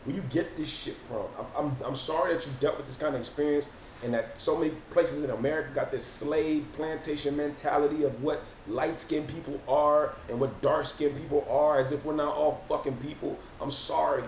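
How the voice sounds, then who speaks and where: A man's voice: on the high side, brisk. Slangy man, echoey room. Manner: animated, profane, slangy storyteller; reads out viewer comments and reacts. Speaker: rapper and livestream host. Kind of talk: casual livestream chat. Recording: roomy echo, faint noise.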